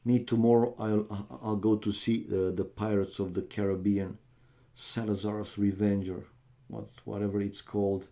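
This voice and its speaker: His voice is lowish and mellow, with little pitch movement and a normal pace. This young Romanian man casts a strategy game on stream, chatting casually with viewers and calling them "man."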